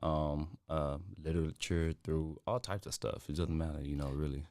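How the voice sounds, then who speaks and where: Very deep-voiced man, easygoing. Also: steady tone, moderate pace, a little mellow, dry recording, studio quality. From Texas, USA. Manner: easygoing, laughs often, hesitant with many fillers. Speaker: musician guest. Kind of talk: casual interview chat.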